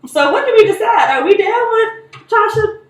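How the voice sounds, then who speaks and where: A woman co-hosting a podcast in casual chat, laughing often in quick back-and-forth. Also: very high voice, expressive, very noisy. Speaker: podcast co-host. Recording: echoey room, distant mic.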